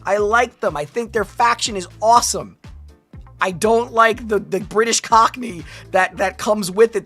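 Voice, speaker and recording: A woman streamer chatting through a live reaction, rambling and animated, breaking into laughs and shouts. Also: mid-range voice. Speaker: streamer reacting to a lore video.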